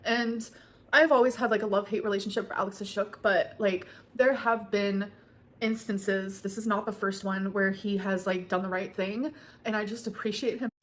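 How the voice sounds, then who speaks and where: A woman's voice: medium pitch, steady tone, normal speed, fairly bright tone. A woman in her thirties answering viewer questions in a casual vlog, rambling with many fillers and getting emotional.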